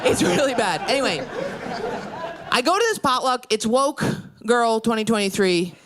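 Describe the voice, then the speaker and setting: A woman's voice: fairly high pitch, animated, normal speed, a loud crowd, very noisy. A woman from New York state doing a stand-up comedy set in a brash, crude, self-deprecating way. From New York state, USA. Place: comedy stage.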